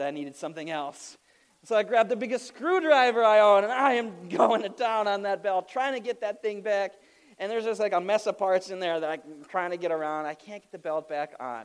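A man's voice: sits high, a little fast, smooth. A man preaching a sermon, opening with a funny personal story and laughing at himself as he goes. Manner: animated storytelling with self-deprecating laughs. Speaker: pastor.

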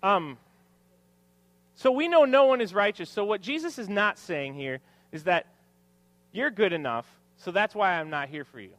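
Male pastor in his 30s, sermon with self-deprecating humor, lively pitch, slightly high voice. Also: moderate pace, no room sound. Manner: joking, self-deprecating asides to the congregation. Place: church hall with congregation.

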